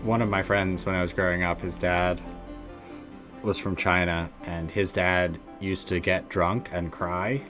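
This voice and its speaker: A man's voice: deep voice, steady tone, measured pace. An American man streaming, telling a rambling casual story full of "like" and "uh" fillers. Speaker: game streamer. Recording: tinny phone-like sound with faint music behind.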